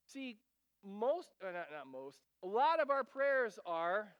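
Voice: medium pitch, very animated, slow, smooth, dry recording, muffled recording. A preacher giving an earnest sermon, reading scripture aloud and breaking off for casual asides and repeated phrases.

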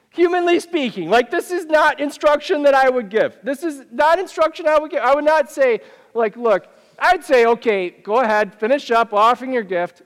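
A man preaching a sermon as pastor, talking in a conversational, animated way with many questions to the listeners. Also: very high voice. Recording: long reverb of a church hall.

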